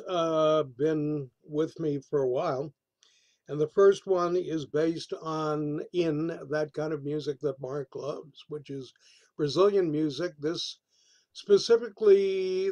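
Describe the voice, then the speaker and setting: A man speaking haltingly and softly over a video call before reading his poems. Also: on the high side, dry recording, highs cut off. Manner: halting, soft-spoken, with fillers. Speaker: poet.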